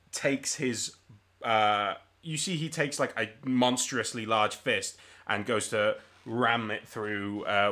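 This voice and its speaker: A man's voice: fairly low pitch, pushed and bright. A man narrating a tabletop game as game master, casual and full of ums and swearing.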